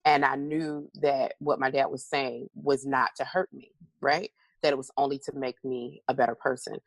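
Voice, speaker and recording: A middle-aged woman, a motivational speaker appearing as an interview guest, speaks in a bass voice at normal speed with fairly even intonation. In this candid, conversational interview she tells stories animatedly and acts out her own replies. There is no echo.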